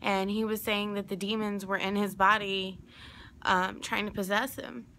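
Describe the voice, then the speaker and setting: Young woman, bright voice, rambling storytelling, faint hiss behind. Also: mid-range voice, flat delivery, moderate pace. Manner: rambling, digressive, emphatic. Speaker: vlogger telling a personal story. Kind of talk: casual storytelling to camera.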